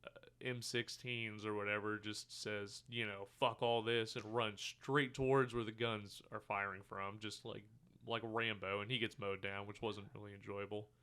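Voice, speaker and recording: Bright, smooth-voiced man retelling a movie. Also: fairly low pitch, moderate pace. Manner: animated retelling of scenes, acting out quotes, swearing. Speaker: podcast co-host. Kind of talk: casual movie review chat.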